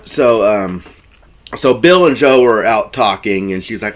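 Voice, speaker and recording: A man's voice: fairly low pitch, a little slow. A man casually retelling a film plot, rambling with many fillers and restarts. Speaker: film reviewer.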